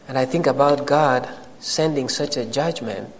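A man's voice: medium pitch, normal speed, big-room sound, slight background noise, poor audio. A man preaching a sermon to a congregation, addressing them directly and rising into emphatic questions.

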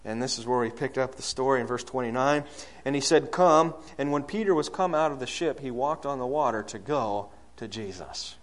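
A man preaching a sermon, asking the congregation questions and swinging from loud, high calls to low, soft lines. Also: fairly quick, few pauses. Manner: rises loud and high when acting out quoted prayers, drops low and soft on key lines.

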